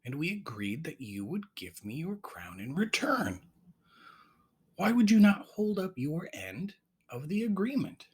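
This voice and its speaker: A man voicing a proud, talkative male raven in a bedtime story, earnest and a little high. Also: big pitch swings, unhurried, darkish tone, husky, heavily acted. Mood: indignant.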